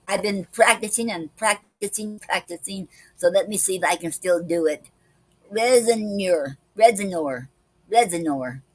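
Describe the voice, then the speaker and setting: A woman's voice: mid-range voice, fairly bright tone, no room sound, rough recording. A woman hosting a poetry club live stream, reading poems and explaining a poetic form and a word of the day, with frequent "okay"s between parts. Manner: slow, careful reading with many "okay"s.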